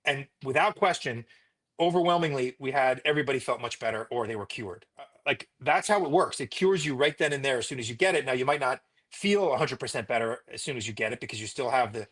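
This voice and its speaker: A man, a physician, telling stories in a conversational interview in an emphatic, animated way. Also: medium pitch, fast, husky. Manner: emphatic, animated retelling with repetition.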